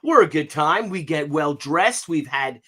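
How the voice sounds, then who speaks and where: A man's voice: on the high side, measured pace. A man in his fifties hosting a casual live stream, joking and telling anecdotes. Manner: jokey, animated, tells gags and anecdotes. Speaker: stream host.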